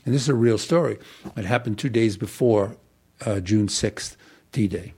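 A man's voice: on the low side, normal speed, dark tone, husky. An older man, an actor guest on an interview show, telling long enthusiastic stories and often restarting his sentences. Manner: rambling, enthusiastic storyteller with many restarts. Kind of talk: casual interview chat.

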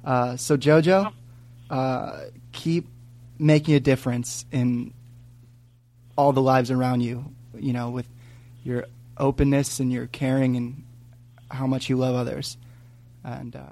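A young man, soft-spoken and earnest, reading a heartfelt letter and chatting on a podcast. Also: mid-range voice, level tone, measured pace, long pauses. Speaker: podcast co-host. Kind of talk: reading a heartfelt letter aloud, then casual chat.

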